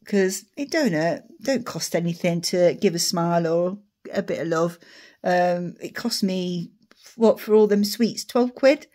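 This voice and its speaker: A middle-aged woman chatting to camera in a rambling, animated way, acting out retold conversations. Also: on the low side, unhurried. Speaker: vlogger. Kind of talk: casual chat to camera.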